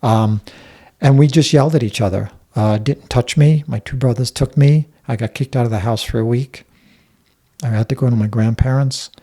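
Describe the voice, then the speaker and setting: A man's voice: medium pitch, normal speed, mellow. A man as a guest, recounting a painful family memory in a blunt, raw way, swearing freely. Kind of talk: personal storytelling in conversation.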